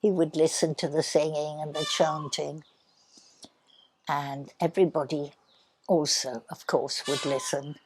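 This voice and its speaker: An older woman telling childhood stories in an interview, speaking softly and sometimes dropping to a near whisper. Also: low-pitched, fairly even intonation, slight background noise. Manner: soft, unhurried, drops to a near whisper. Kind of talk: reminiscing storytelling.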